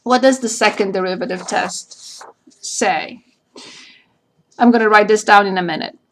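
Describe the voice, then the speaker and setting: A woman math teacher giving a recorded calculus lecture, slowly spelling out each point and step as she works through a graph. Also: mid-range voice, a bit bright, slight background noise.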